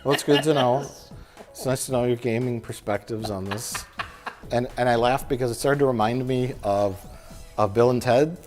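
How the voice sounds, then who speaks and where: A man's voice: mid-range voice, moderate pace, music in the background. A man chatting casually about movies as a reviewer, rambling and joking, often breaking into laughter. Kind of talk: casual chat.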